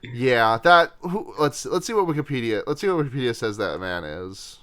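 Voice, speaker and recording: A podcast co-host with a medium-pitched, slightly bright male voice recaps a film in casual chat, using lively intonation at a moderate pace. He rambles, swears, and laughs often.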